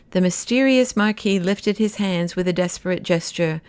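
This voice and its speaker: A woman giving a measured, expressive audiobook narration of a classic novel. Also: fairly low pitch, clean tone, no echo.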